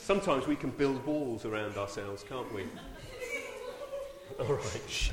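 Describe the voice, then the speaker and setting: A man's voice: mid-range voice, a little slow, background noise. A man preaching a sermon, telling a story, then rising to emphatic exclamations. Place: church hall. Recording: echoey church with long reverb.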